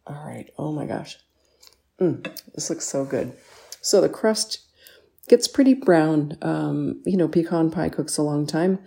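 Woman, baking host, casual kitchen chat, enthusiastic, low pitch, warm mellow tone. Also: a little slow, vocal fry. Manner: chatty and enthusiastic, many ums and mms. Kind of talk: casual cooking vlog. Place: home kitchen.

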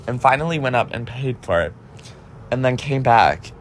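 Young man, casual storytelling, chatty, profane, filler-heavy, medium pitch. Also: lively intonation, moderate pace, a little hiss or hum. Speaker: podcast host.

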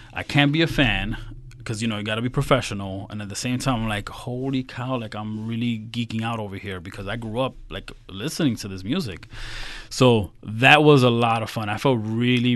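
A man's voice: on the low side, moderate pace, dry recording. A middle-aged man from Queens, a financial advisor telling stories in a casual interview and acting out the quotes. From Queens, New York. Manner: animated, acts out quotes.

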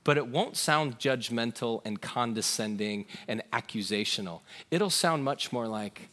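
A man preaching a sermon to a congregation, earnest, moving between raised emphasis and soft, hushed passages. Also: mid-range voice, measured pace, few pauses. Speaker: pastor.

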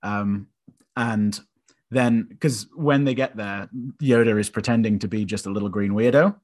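A man's voice: lowish voice, unhurried. A young man co-hosting a podcast, talking enthusiastically about a film, rambling with restarts. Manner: enthusiastic, rambling, with animated quoted voices. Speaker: podcast co-host. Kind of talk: casual film discussion.

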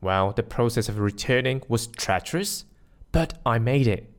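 Male solo podcast host from Malaysia, mid-range pitch, scripted and playful with self-mocking jokes. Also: lively intonation, moderate pace, background noise.

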